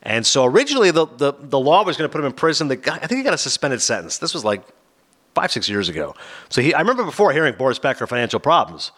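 A man hosting a talk show, retelling a documentary in a casual, animated way and slipping into quoted voices. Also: medium pitch, quick pace. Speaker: host.

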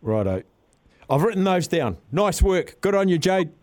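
A man's voice: sits high, very animated, normal speed, a little mellow, dry recording. A man with a New Zealand accent hosting casual sports talkback radio, laid-back and jokey as he reads out listener entries. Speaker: radio host. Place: radio studio.

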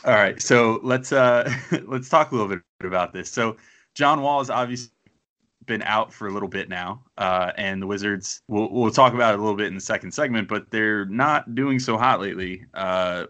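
A man's voice: fairly low pitch, moderate pace, fairly bright tone. A man hosting a casual sports podcast, rambling and self-deprecating as he thinks aloud. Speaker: podcast host.

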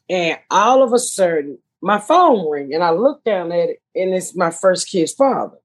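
A woman podcast host telling a story in a casual, animated, profane way. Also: fairly low pitch, moderate pace, few pauses. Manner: animated, profane retelling with acted quotes.

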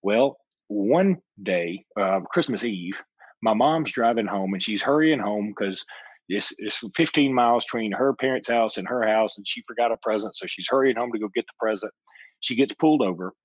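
A man's voice: lowish voice, expressive, normal speed, no room sound, rough recording. A man, co-hosting a casual sports talk show, telling rambling anecdotes and laughing often. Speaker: co-host.

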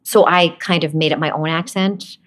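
A woman's voice: low-pitched, moderate pace. A woman from Brooklyn, an actress being interviewed, telling stories casually and laughing often. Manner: laughs often, animated storytelling.

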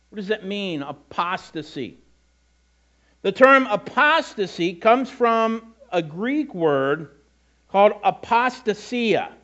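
A man's voice: a little high, dull audio. A middle-aged male pastor preaching a sermon in a conversational way, with self-deprecating asides and frequent repetitions.

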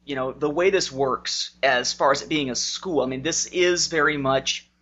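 A co-host in casual chat, making a point in a measured, thoughtful way. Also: medium pitch, fairly bright tone. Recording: dull lo-fi sound.

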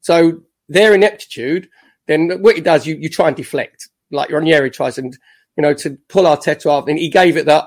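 Animated storyteller, light voice. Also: male voice, a little high, fast. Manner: animated storyteller, acts out quotes. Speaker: guest, former footballer. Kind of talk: casual podcast chat.

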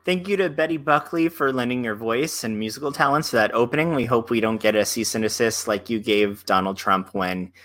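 Man, co-host, casual chat, bright voice, gushing. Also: mid-range voice, brisk, few pauses.

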